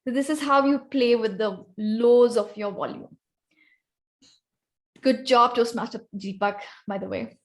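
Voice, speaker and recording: A woman's voice: a little high, fairly even intonation, a little slow. A woman with an Indian accent giving an instructive workshop on speaking skills, calling on volunteers by name. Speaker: guest speaker teaching vocal variety. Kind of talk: online club workshop presentation.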